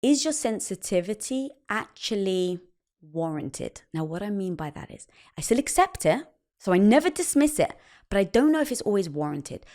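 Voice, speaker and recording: A woman guest on a podcast, speaking with a lively, widely swinging pitch. She tells personal stories and acts out the quoted dialogue as she goes. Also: moderate pace. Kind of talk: casual conversation.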